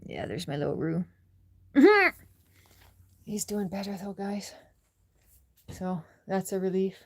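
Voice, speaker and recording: Slow and unhurried, this woman hosts a relaxed livestream, her medium-pitched voice dark in tone and slightly rough. She chats with viewers, reads out their comments and laughs frequently.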